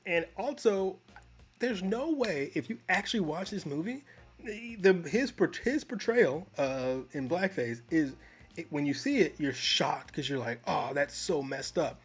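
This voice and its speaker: A man co-hosting a film review podcast, talking in an animated way with frequent laughs and restarts. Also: high-pitched, measured pace, husky. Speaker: podcast co-host. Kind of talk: casual film review chat.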